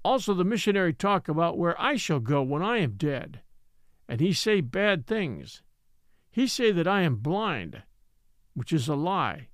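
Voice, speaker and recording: A man voicing a patient old native man who tells his story slowly and solemnly in formal, old-fashioned speech. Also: fairly high pitch, big pitch swings, no echo, clean studio sound.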